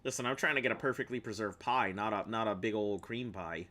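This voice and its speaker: A man's voice: on the low side, fairly quick, sharp tone. A man streaming a video game, chatting casually and jokingly to his viewers as he plays, rambling from one thought to the next. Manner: rambling and jokey, talks to viewers while playing. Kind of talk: casual live gameplay chat.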